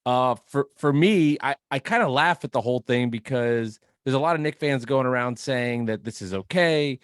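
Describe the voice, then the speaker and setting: A man co-hosting a sports podcast, talking in a measured way with stammered restarts. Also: medium pitch, clean tone, no room sound, clean studio sound. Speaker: podcast co-host.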